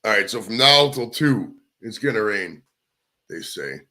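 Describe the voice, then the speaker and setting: A man's voice: lowish voice, lively intonation, a little slow, sharp tone. A man hosting a live stream, chatting casually in a crude, rambling, profane way. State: out of breath. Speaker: livestream host.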